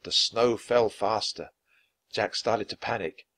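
A man narrating a children's chapter book in a clear, measured read-aloud style. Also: on the low side, a bit bright. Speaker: storybook reader.

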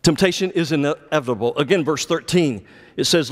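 In a church sanctuary with long reverb, a male pastor preaches a sermon, explaining scripture and driving his points home with emphatic, repeated commands. His voice is fairly high and his delivery fairly quick.

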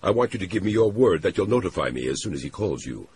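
A man's voice: deep voice, very animated, fast talker, noisy background, voice pushed up. A man voicing an agitated middle-aged businessman on the phone, strained, jerky and curt.

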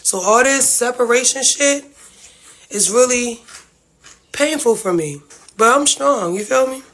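A woman's voice: on the high side, lively intonation, measured pace, a bit bright. A woman venting to her livestream viewers about family feuds, blunt, profane and heartfelt. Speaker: reality-TV family member livestreaming.

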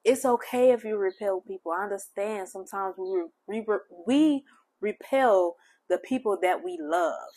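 A woman hosting a spiritual channel, speaking gentle, heartfelt affirmations straight to the listener. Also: medium pitch, moderate pace. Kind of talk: affirming spiritual message to the viewer.

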